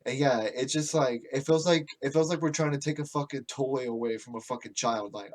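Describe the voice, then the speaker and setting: Speaking a little fast with hardly any pauses, an American man with a mid-range voice rants about politics on his podcast. It's a casual, heavily profane ramble, with frequent restarts and side tangents.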